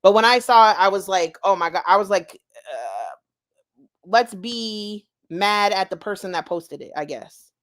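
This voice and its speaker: A woman with a mid-range voice speaks on a live commentary panel. She talks quickly, laying out her reasoning point by point. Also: mid-range voice, expressive. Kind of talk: casual commentary chat.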